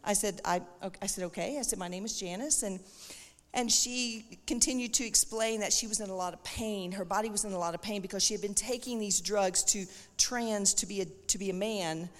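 A middle-aged woman tells a story from the pulpit as a testimony, and she acts out the voices of the people in it. Her voice sits at an ordinary pitch for a woman, and a long reverb trails after it through the hall. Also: brisk. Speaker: missionary speaker. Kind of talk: church testimony talk.

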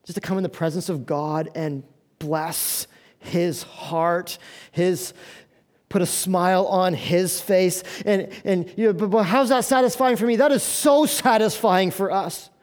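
A man's voice: sits high, slow, darkish tone. A male pastor preaching a sermon in an earnest, conversational way, asking the congregation questions.

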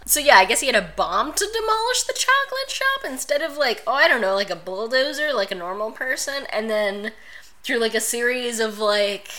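A woman co-hosting a podcast, chatting casually about movies with sarcastic, deadpan put-downs. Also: a little high, normal speed. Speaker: podcast co-host. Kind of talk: casual movie-review chat.

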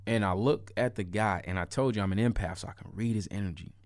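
A man's voice: lowish voice, fast talker, creaky, no room sound, studio quality. A man casually telling a personal story to camera, emphatic and repeating points for effect. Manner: animated, emphatic, repetitive asides. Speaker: storyteller vlogger.

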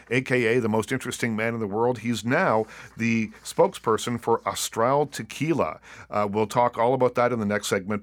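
A man's voice: medium pitch, no room sound. A man hosting a studio interview, upbeat and enthusiastic as he introduces his guest. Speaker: radio talk show host. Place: radio studio.

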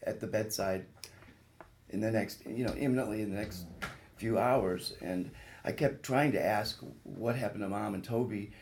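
A man with a gravelly, fry-touched voice recounts his own ordeal as a guest on a radio talk show. He speaks earnestly, building vivid pictures and lifting his pitch at the worst moments. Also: normal speed, darkish tone, a little hiss or hum. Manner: earnest, vivid retelling with rising intensity at peak moments. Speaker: guest, reconstructive surgeon. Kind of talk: personal story told on radio talk show.

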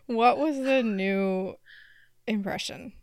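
A woman's voice: on the high side, slow, no echo, studio quality. A woman hosting a podcast in casual chat, teasing her co-host and laughing often.

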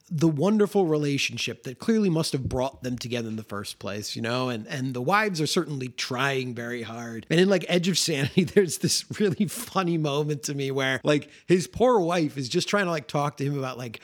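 A man's voice: on the high side, fairly bright tone. A man co-hosting a podcast, talking in a laid-back way about films and laughing as he talks. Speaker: podcast co-host. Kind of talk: casual film discussion.

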